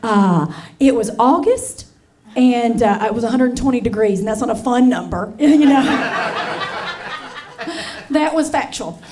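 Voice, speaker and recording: A woman's voice: on the high side, unhurried, pauses often, background noise. A woman in her forties doing a stand-up comedy set on stage, brassy and chatty, calling the crowd honey and y'all. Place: comedy stage before a live audience. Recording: live comedy show with crowd laughter.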